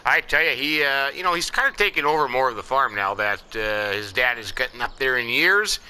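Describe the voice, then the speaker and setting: In poor audio, a man with a mid-range voice plays a farming game while role-playing a farmer. His tone is sharp and clean, and he sounds animated, talking fairly quickly. The commentary rambles in a folksy style, full of "I tell ya" and "you know."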